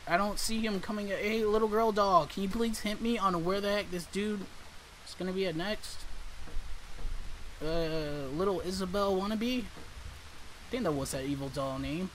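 A man's voice: high voice, moderate pace, a little hiss or hum, poor audio. A man commentating a horror game as he plays, nervous and jumpy, talking back to the characters on screen. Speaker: gaming YouTuber.

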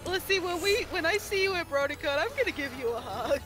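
A woman's voice: very high-pitched, expressive, fast, over music. A woman streamer chatting casually and gushing enthusiastically with friends. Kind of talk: casual chat.

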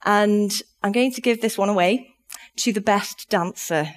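An upbeat woman delivers a conference keynote. She speaks in a chatty, lively way and laughs readily. Her voice sits at an ordinary middle pitch, and she addresses a live audience in a conference room. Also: unhurried.

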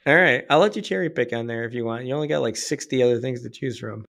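Male podcast host, mid pitch, talkative, jokey, easy laugh, casual business chat. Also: gravelly, a bit bright. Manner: talkative, joking, quick to laugh. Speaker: podcast host, company CEO.

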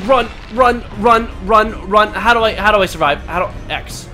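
A young man giving let's play commentary, excitable and panicky, swearing and trash-talking the enemies as he plays. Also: high-pitched, normal speed, soft background music. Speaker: gaming commentator.

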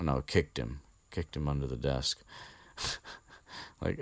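A man's voice: extremely low pitch, slow, pauses often, a bit bright, no room sound, clean studio sound. A man hosting a podcast, recapping a book in a rambling, chatty way and swearing casually. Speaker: podcast host.

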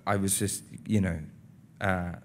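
A young man talks through an interview in a low, steady voice. His manner is earnest and reflective, pausing and restarting as he gathers his thoughts. A faint hiss sits under his voice. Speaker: actor being interviewed. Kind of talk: casual interview talk. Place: studio interview in front of an audience.

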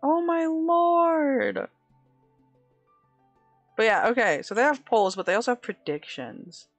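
A woman's voice: mid-range voice, animated, brisk, dry recording, faint music behind. A woman streaming live, chatting casually with viewers in a giggly, dramatic way, laughing often.

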